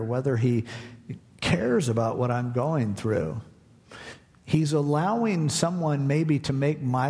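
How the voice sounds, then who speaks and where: A man's voice: mid-range voice, mellow. A man, a pastor, teaching a Bible passage in a casual, conversational way and voicing its lines as plain questions. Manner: paraphrases scripture in a casual, questioning voice. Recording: long hall reverb.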